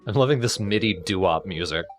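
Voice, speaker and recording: A man's voice: on the low side, expressive, brisk, faint music behind. A man casually commentating a game he is playing, explaining its mechanics and laughing easily. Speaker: let's play host.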